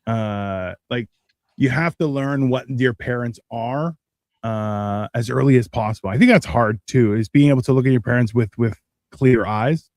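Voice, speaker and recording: A man's voice: medium pitch, moderate pace, darkish tone, no echo, clean studio sound. A man hosting a casual podcast chat, reflective and wry, often restarting his sentences. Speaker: podcast host.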